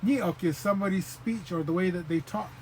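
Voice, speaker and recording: A man giving an informal spoken language lesson, patient and repeating sounds slowly, with many fillers. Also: high-pitched, darkish tone, slight background noise, low-quality recording. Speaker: language teacher.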